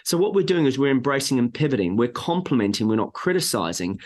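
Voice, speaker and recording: A man's voice: mid-range voice, quick pace, hardly any pauses. A man, a sales trainer on a podcast, coaching emphatically and acting out buyer lines. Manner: emphatic, animated coaching with acted-out buyer quotes. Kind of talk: podcast interview.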